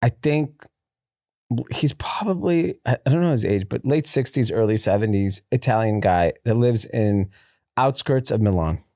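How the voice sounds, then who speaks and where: A man's voice: on the low side, lively intonation, moderate pace, darkish tone, dry recording, studio quality. A man co-hosting a casual podcast, telling loose anecdotes full of swearing and laughter. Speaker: podcast co-host. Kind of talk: casual chat.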